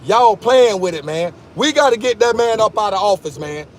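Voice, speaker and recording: A man live-streaming from his car, talking excitedly and emphatically to his chat in slang. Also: sits high, moderate pace, slight background noise. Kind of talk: casual live-stream rant. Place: in a car at a gas station.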